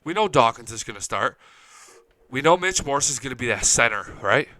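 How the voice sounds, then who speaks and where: A man's voice: medium pitch, expressive, normal speed, pushed and bright, no echo, low-quality recording. Hyped, swearing male sports show host. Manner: hyped, profane, jumps between topics. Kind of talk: live-streamed sports talk. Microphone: studio mic, close and dry.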